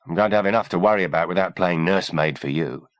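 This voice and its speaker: A man voicing a gruff, sarcastic army sergeant in his mid-thirties who trades growling banter. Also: sits low, fast, no room sound, lightly acted. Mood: irritated.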